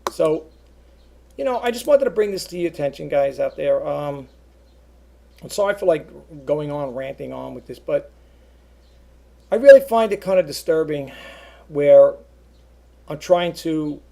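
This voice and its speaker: A man's voice: a little high, gravelly, warm tone. A man talking to his viewers over a webcam in a casual, rambling monologue, earnestly repeating himself. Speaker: eBay seller vlogger.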